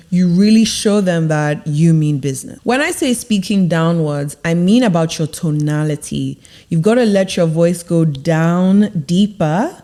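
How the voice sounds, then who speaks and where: Emphatic young woman giving confidence advice. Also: darkish tone. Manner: emphatic and deliberate, drops her voice low to stress points. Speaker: confidence coach. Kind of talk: motivational advice to camera.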